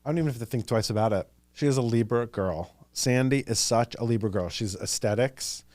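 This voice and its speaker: A man's voice: medium pitch, fairly quick, a little mellow, dry recording. A man in his thirties with a New York accent, hosting a casual solo podcast, gossipy and chatty, jumping between ideas and acting out quotes. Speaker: podcast host.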